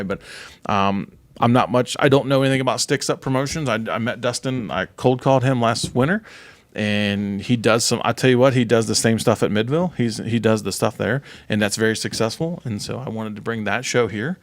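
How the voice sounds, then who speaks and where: A man's voice: lowish voice, dry recording. A middle-aged man who promotes a speedway, co-hosting a casual podcast, rambling and teasing his co-host. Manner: rambling, joking, quick to tease.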